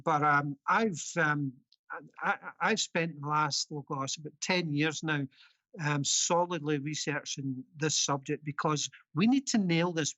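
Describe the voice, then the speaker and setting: A man's voice: fairly high pitch, bright, forceful tone, no room sound, muffled recording. A Scottish man being interviewed as an author and researcher, talking earnestly and insistently, with plenty of ums. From Scotland. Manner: earnest, insistent, many fillers. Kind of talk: casual interview talk.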